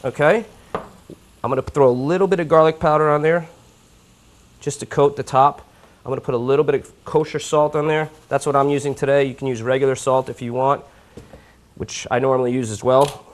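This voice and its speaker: A man's voice: medium pitch, fairly even intonation, a little fast. A man from New York hosting a live cooking show, chatting informally while he cooks. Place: home kitchen.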